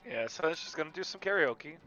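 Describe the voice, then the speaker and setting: A cheerful man describes his character's moves in a tabletop role-playing game. His voice is bright and sharp and rises a little high, with faint music underneath. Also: lively intonation, fast, lo-fi sound. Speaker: player. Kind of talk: tabletop play.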